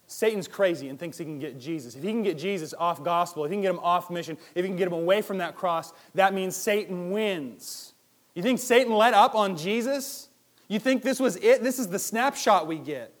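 His voice sits high and moves at a normal speed as this pastor preaches in an animated, chatty manner. He peppers the sermon with rhetorical questions and alternates between booming and quiet moments.

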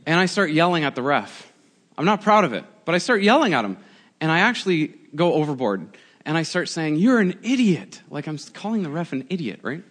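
A man in his forties, a pastor giving a conversational, animated sermon with prayer and storytelling. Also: a little high, fairly quick. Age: 40s.

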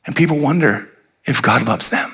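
A man preaching a sermon, animated and storytelling, acting out the people in the story. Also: medium pitch, normal speed, husky. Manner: animated, acts out quoted voices. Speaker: pastor.

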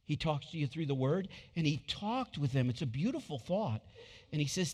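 A male pastor delivering a sermon, shifting from quiet, intimate passages to loud, excited bursts, on a wireless body mic. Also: fairly high pitch, normal speed, big-room sound.

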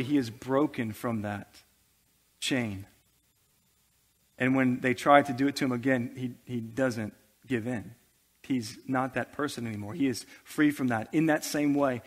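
A man's voice: medium pitch, moderate pace. A male pastor preaching a sermon to his church, building intensity with humorous asides.

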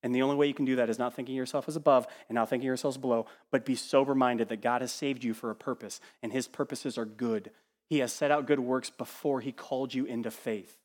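A man preaching a sermon as pastor, animated, sometimes mimicking the voices he quotes and dropping to a hush. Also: medium pitch, fast talker, in a large hall. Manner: animated, acts out quoted voices, swings from loud to hushed. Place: church sanctuary.

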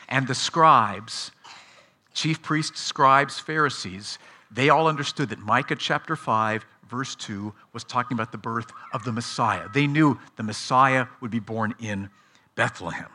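A man's voice: medium pitch, a little slow, pushed and bright. A man teaching Bible prophecy to children in a sermon, asking them questions and praising their answers.

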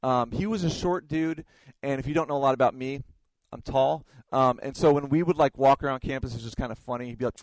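A man's voice: mid-range voice, fast, dry recording, rough recording. A man preaching a sermon, telling stories and often repeating his words as he goes. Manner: storytelling, stumbles and repeats words. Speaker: pastor.

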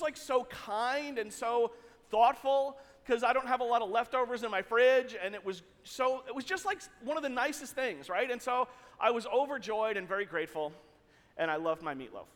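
A man pastor telling a story in an animated, jokey way to his congregation in a church hall. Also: extremely high pitch, normal speed. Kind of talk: sermon storytelling.

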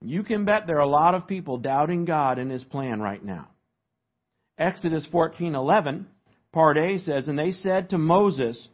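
A man preaching a sermon as pastor, teaching from an outline and asking his listeners to fill in the blanks, with emphatic, animated delivery. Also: a little high, moderate pace, dull audio.

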